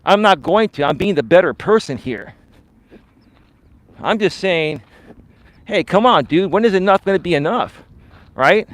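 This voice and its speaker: A man's voice: sits high, lively intonation, measured pace, pauses often. A male dating and life coach ranting on a live stream, confrontational and repeatedly calling his opponent bro and sir.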